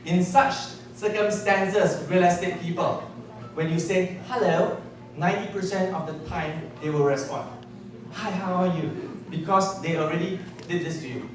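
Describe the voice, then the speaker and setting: High-voiced man lecturing in an echoey hall. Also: fairly even intonation, far from the mic. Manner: keeps checking in with the audience with quick questions. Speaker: sales trainer. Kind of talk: seminar talk to a live audience. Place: large hall with an audience. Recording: echoey hall, mic from afar, audience.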